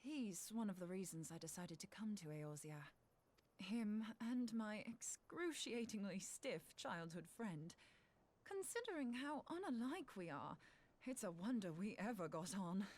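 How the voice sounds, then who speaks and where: A woman's voice: mid-range voice, animated, unhurried, a little mellow. A woman voicing a bold, axe-loving young woman scholar in a game, breezy and wry. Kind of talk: game voice acting.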